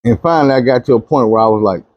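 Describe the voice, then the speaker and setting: A man telling a long dream story, animated, dropping low and quiet when he pleads. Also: rapid-fire, dry recording, muffled recording. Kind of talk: recounting a dream testimony.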